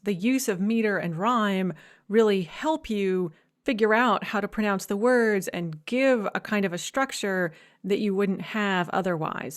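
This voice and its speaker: A woman giving a recorded lecture, explaining points clearly and stressing key ideas. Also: mid-range voice.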